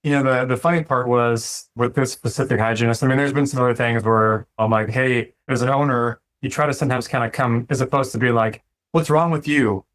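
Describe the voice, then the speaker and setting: A relaxed man in his thirties, speaking as a dentist guest on a podcast. His voice sits at a middle pitch, and he talks in an easygoing, reflective way, now and then acting out what he tells his staff. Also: brisk, few pauses. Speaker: dentist and practice owner. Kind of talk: casual interview talk.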